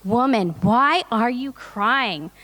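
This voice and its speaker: A woman's voice: a little high, lively intonation, slow pace, sharp tone. A woman leading a children's Easter reenactment in a church, upbeat and coaxing as she directs the kids into place. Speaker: children's presentation leader.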